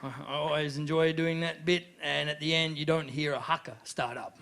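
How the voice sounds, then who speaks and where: A man's voice: a little high, steady tone, fairly quick, gravelly, fairly bright tone. A man doing crude, chatty live stand-up comedy and laughing at his own jokes. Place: comedy venue before a live audience. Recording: live venue recording with room noise.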